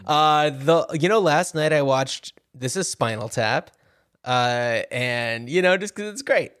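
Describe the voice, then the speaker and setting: A man of middle pitch chats about movies he loves in a relaxed, easygoing way, often dropping "you know" between his thoughts. The sound is dry and close, with no room sound. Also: slow pace, smooth, dry recording. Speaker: podcast co-host. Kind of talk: casual movie chat.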